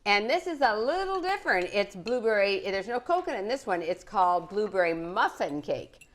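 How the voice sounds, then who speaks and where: This cooking show host, a middle-aged woman, runs a casual live program from her living room and chats happily with children and her audience. She speaks at a normal speed in a mid-range voice with big swings in pitch.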